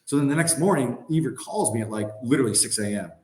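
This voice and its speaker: A man in his thirties, a guest on a podcast, telling a story in casual chat. He talks in an animated way, full of "like" and "I mean". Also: mid-range voice, fast talker. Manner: animated, acts out quoted voices, many "like" and "I mean" fillers. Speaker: podcast guest, former hockey player. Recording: roomy echo.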